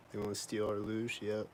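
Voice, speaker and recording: A man's voice: fairly low pitch, a little hiss or hum, rough recording. A man vlogging in a casual, rambling monologue, indignant and complaining, filling his talk with "like" and frequent swearing.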